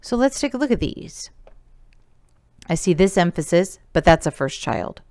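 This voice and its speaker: A woman's voice: fairly low pitch, sing-song, normal speed, darkish tone, no echo, clean studio sound. A woman teacher giving a recorded remote lesson, explaining each step patiently and counting elements aloud.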